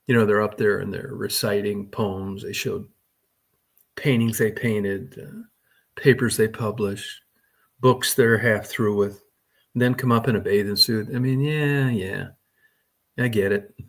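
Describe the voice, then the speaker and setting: A man's voice: lowish voice, steady tone, unhurried, vocal fry. Middle-aged man, livestream host, casual chat, crude, rambling, heavy swearing. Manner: talks to chat viewers by name.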